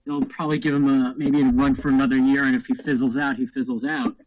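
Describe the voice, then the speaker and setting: A man's voice: mid-range voice, little pitch movement, fast, a little mellow, no echo. Reflective man with a dull lo-fi sound. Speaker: podcast co-host. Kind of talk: casual panel chat.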